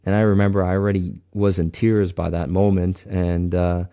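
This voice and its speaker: Low, mellow-voiced man giving an earnest testimony. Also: level tone, smooth. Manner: earnest and halting, with frequent restarts. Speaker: guest sharing a faith testimony. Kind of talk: personal testimony.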